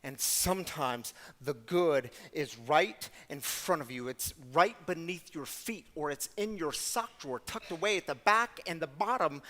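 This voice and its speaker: High-voiced man telling a sermon story. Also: unhurried, big-room sound. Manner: animated, conversational, addresses audience directly. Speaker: guest storyteller.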